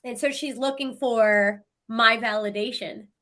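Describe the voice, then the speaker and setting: Speaking at a measured pace in a slightly high voice, a middle-aged woman appears as a podcast guest. She tells a story with animation in casual conversation, laughing often.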